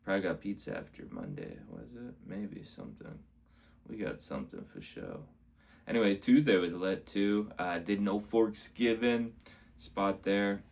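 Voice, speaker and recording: A man with a low voice tells his week's stories in a loose, rambling way, and he keeps coming back to the same upbeat words. He is a comedian talking to camera about his shows, and he sometimes acts out what other people said. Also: very animated, moderate pace, vocal fry, a little mellow. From Canada. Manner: rambling, repeats "amazing", acts out quotes. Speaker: stand-up comedian vlogging. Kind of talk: casual rambling recap.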